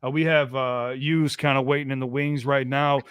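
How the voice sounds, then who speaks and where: An American man hosting a call-in podcast, talking casually and excitedly, often restarting his phrases. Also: medium pitch, moderate pace, clear, resonant tone, no room sound. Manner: chatty, repeats himself and restarts phrases. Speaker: podcast host taking calls.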